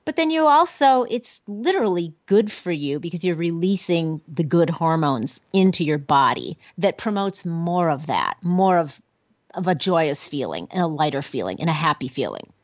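A woman co-hosting a casual talk show, upbeat and energetic and laughing often as she talks. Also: fairly low pitch, normal speed, dry recording, highs cut off. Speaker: podcast co-host. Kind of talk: casual chat.

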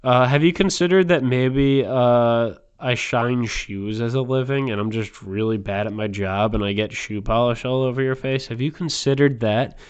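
A man's voice: medium pitch, moderate pace, hardly any pauses, clean tone, lo-fi sound. A man hosting a podcast, delivering a rambling, crude and provocative comedic monologue. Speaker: podcast host.

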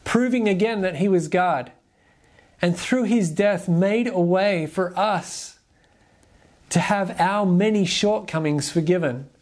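Earnest, measured preacher. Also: mid-range voice, darkish tone. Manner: earnest, measured, asks the listeners direct questions. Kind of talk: sermon.

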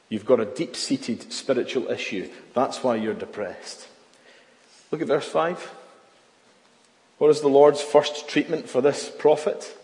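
A man preaching a sermon in a church, earnest, swinging from loud emphasis to near-hushed words. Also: mid-range voice, lively intonation, a little slow. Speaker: pastor. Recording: long reverb of a church hall.

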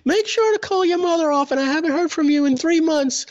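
A man imitating his matter-of-fact older mother in a much higher, brisk voice. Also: lo-fi sound. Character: blunt older mother, matter-of-fact, loving in her own way.

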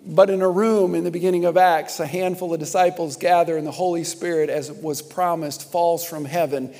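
A young adult man preaching a sermon as pastor, telling a story with laughs and lively exclamations. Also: fairly high pitch, normal speed. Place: church sanctuary. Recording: long reverb of a large hall.

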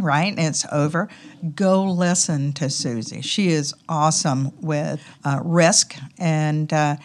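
A woman with a Southern US drawl talks as a podcast guest, her voice sitting very low. She chats in an upbeat, easygoing way and scatters ums and uhs through her sentences. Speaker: podcast guest, company executive. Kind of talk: casual interview talk.

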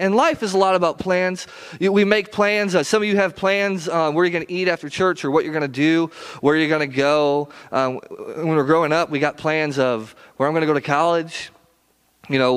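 A man's voice: on the high side, fairly bright tone, clear, resonant tone. A man in his thirties, a pastor preaching an earnest, conversational sermon in a church. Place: church sanctuary.

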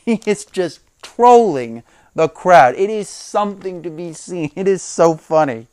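A man's voice: high-pitched, lively intonation, a little slow, darkish tone, clear, resonant tone, no echo, clean studio sound. A man hosting a casual solo podcast, retelling a story with frequent chuckles. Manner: chuckling, retelling with quoted impressions. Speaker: podcast host.

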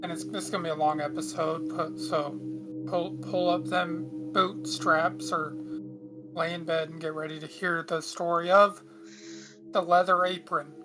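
A woman's voice: fairly low pitch, little pitch movement, normal speed, music in the background. A woman casually hosting a true-crime podcast, chatty with frequent asides. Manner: chatty, reads aloud with frequent asides and throat clearing. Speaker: podcast host.

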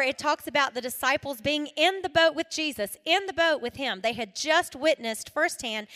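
High, bright, animated woman storyteller. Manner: animated, dramatic storyteller with shouted peaks and laughter. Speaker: women's ministry speaker. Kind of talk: storytelling devotional talk. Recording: long hall reverb.

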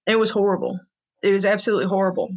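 A woman's voice: mid-range voice, expressive, rapid-fire, rough recording. Earnest woman telling a heartfelt story. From Tennessee, USA. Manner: earnest, emotional, frank. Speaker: guest.

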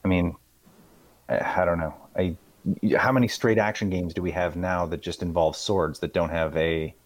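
A man co-hosting a casual podcast chat, thinking aloud with many pauses. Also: sits low, fairly even intonation, no room sound. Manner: hesitant, halting with fillers. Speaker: podcast co-host.

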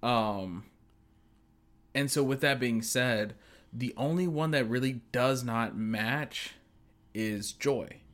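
A man's voice: mid-range voice, slow, long pauses, a bit bright. A man in casual conversation, explaining a film's ideas hesitantly and searching for words. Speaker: co-host discussing a film. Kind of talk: casual chat.

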